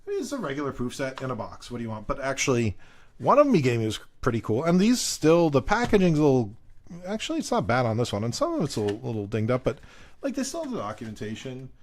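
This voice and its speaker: A man hosting a casual live stream, telling rambling stories and greeting viewers by name with excitement. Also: mid-range voice, fast. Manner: chatty rambling storytelling. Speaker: live stream coin seller.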